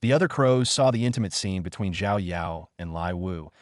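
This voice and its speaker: A man reading a fantasy story aloud in an even, steady narration, lifting his voice slightly for the characters. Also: low-pitched, normal speed, dry recording, studio quality.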